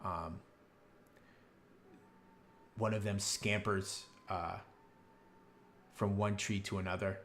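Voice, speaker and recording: A man narrates a tabletop game as game master, with a lowish voice. He rambles and fills his pauses with many ums and uhs. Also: steady tone, a bit bright, a little hiss or hum.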